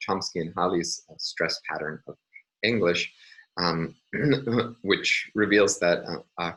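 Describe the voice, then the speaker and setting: A man's voice: low voice, fairly bright tone, rough recording. A man giving a recorded university linguistics lecture, explaining carefully with many ums and uhs.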